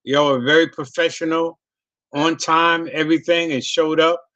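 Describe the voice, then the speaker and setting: A man's voice: on the high side, flat delivery, moderate pace, pushed and bright. A man hosting a casual interview, telling loose profane stories with many restarts and repeats. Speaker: host.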